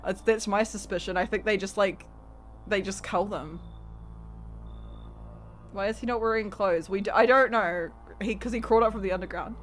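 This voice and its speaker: A woman streamer chatting casually as she plays, reacting as she goes and often trailing off mid-thought. Her pitch sits in the middle range. Faint music plays under her voice. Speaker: VTuber streamer. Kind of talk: casual gameplay commentary.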